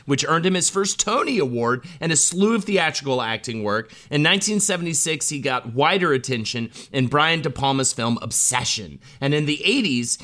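A man's voice: on the high side, a bit bright. A man co-hosting a podcast, reading film history notes with enthusiastic, gushing asides. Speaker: podcast co-host.

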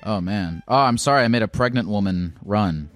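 A man's voice: lowish voice, normal speed, faint music behind. A man hosting a casual call-in show, asking easygoing, probing questions. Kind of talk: casual phone-in chat.

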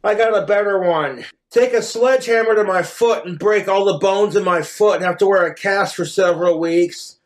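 A man's voice: sits high, moderate pace. A man from Wyoming rambling through profane jokes on a comedic livestream monologue. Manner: profane, rambling joke-telling.

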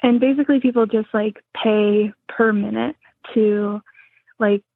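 A young woman with a soft, breathy voice, chatting casually as a guest and rambling with many fillers. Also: mid-range voice, steady tone, unhurried, dry recording. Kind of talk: casual interview chat. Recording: tinny phone-like sound.

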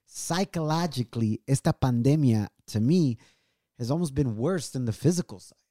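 A man in his thirties with a warm, mellow voice speaks earnestly and with open emotion as a show host. He drops Spanish phrases into his English. The sound is close and dry, as from a home studio. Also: mid-range voice, lively intonation, normal speed, no room sound. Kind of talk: heartfelt casual chat.

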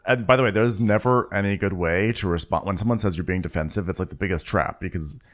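A man co-hosting a comedic TV recap podcast, wry and quick to laugh. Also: deep voice. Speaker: podcast co-host.

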